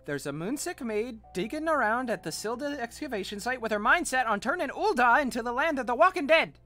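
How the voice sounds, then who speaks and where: A man's voice: extremely high pitch, lively intonation, a little fast, pushed and bright, no echo, exaggerated voice. A man voicing a flamboyant older noblewoman who fusses over her son in a grand, theatrical way. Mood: haughty.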